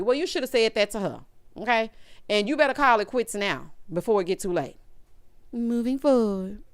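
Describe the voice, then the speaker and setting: A woman's voice: on the high side, lively intonation, normal speed, clean tone, no room sound. A woman hosting a reality TV recap, talking casually, blunt and sassy, scolding the cast and calling listeners honey. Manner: calls viewers honey and baby.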